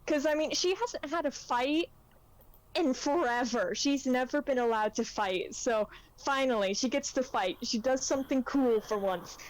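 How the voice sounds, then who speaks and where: A woman with a somewhat high voice plays a tabletop game. She is excitable and laughs a lot as she describes her character's moves. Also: normal speed, low-quality recording. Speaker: player. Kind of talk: casual tabletop play.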